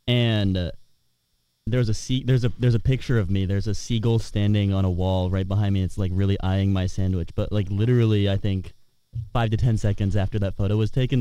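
A young man in his twenties co-hosts a student radio show. He has a low voice and a wry, low-key way of talking. The sound is dry. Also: warm tone, smooth, no echo. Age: 20s. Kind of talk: casual chat.

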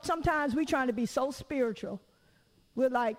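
A woman preaches in a high, bright register, candid and conversational. She laughs easily and throws rhetorical questions to her listeners. Her voice rings out into a long hall reverb. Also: normal speed. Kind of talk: conversational sermon.

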